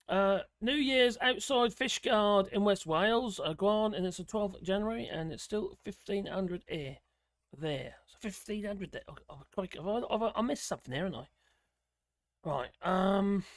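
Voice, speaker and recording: A man hosting a livestream, chatting casually and excitably with viewers and reading the comments. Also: sits high, dry recording, studio quality. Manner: excitable, exclaims often, rambling. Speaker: livestream host.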